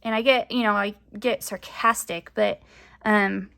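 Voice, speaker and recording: A woman's voice: medium pitch, fairly even intonation, measured pace, creaky, a bit bright. A young woman chatting casually to camera as a crafting vlogger, rambling with lots of fillers, her voice often rising at the ends of sentences.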